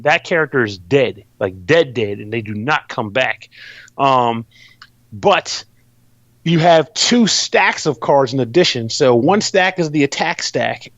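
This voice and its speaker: A man's voice: a little high, fairly bright tone, no echo, muffled recording. A man hosting a podcast, explaining a game in rambling, loose and profane casual chat. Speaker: podcast host reviewing a game.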